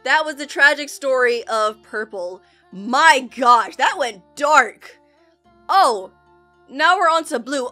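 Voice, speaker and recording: An excitable woman commenting on an animation, crying out at shocks and throwing in mocking asides. Her voice sits high and swings widely, with a sharp, bright edge. Soft music plays underneath. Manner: excitable, gasping and crying out at twists; mocks characters in quick voiced asides. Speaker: reaction video host.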